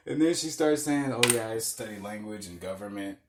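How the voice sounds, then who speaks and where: A man's voice: on the low side, brisk, few pauses, background noise. A young man hosting a podcast, telling loose stories in casual chat, swearing often and laughing at his own jokes. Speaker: podcast host.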